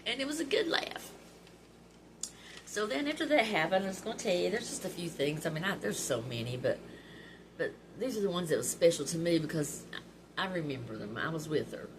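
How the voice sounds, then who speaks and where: A middle-aged woman tells stories to her viewers with a lower, homey voice. She talks in a chatty, heartfelt way and sometimes laughs through tears. A steady background noise runs under her voice. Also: brisk. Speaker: vlog host. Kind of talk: personal storytelling.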